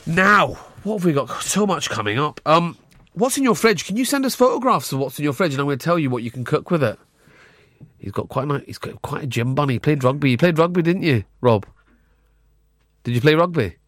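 A man's voice: fairly high pitch, very animated, brisk, a bit bright, dry recording. Joking Glaswegian man hosting radio. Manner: joking, teasing, playful. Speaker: radio host. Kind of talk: casual studio chat. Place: radio studio.

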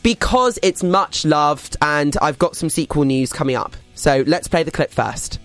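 A man talks films on a radio show, eager and a little defensive of his favourites. His voice sits fairly high, with faint music underneath. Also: lively intonation, unhurried, fairly bright tone. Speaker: film presenter on a radio show. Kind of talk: casual radio chat.

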